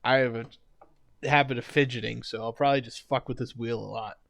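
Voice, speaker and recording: A man's voice: medium pitch, steady tone, a little fast, creaky, fairly bright tone. A young man co-hosting a casual podcast, tripping over his words and laughing it off. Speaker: podcast co-host. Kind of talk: casual chat.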